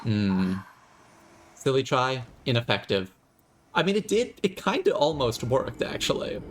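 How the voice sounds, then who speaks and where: A man's voice: medium pitch, big pitch swings, measured pace, a little hiss or hum. A man streaming a video game, joking, theatrical and profane as he retries. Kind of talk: gaming livestream commentary.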